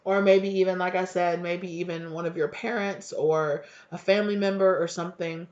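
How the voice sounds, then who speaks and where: The tarot reader's mid-range voice is steady and darkish, moving at normal speed through a casual reading. Heartfelt and rambling, the talk is packed with fillers and the odd curse, and the recording is dull and lo-fi.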